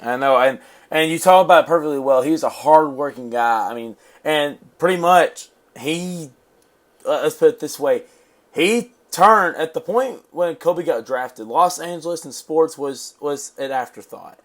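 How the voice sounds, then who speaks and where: A man's voice: on the high side, a little slow. A man hosting a casual sports talk show, agreeable and reading posts aloud. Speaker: host.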